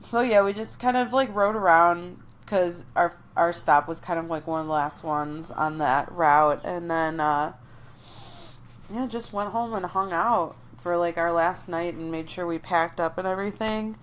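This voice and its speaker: A woman's voice: lowish voice, unhurried, a little hiss or hum. A young woman co-hosting a podcast, telling a travel story in casual chat, with many "like" fillers. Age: young adult. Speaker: podcast co-host.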